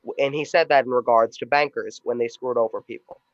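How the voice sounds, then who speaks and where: A man's voice: mid-range voice, steady tone, fairly quick, dry recording. A man hosting a show, casually setting up video clips and talking loosely with some restarts. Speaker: show host. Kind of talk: casual commentary introducing clips. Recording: dull dry lo-fi sound.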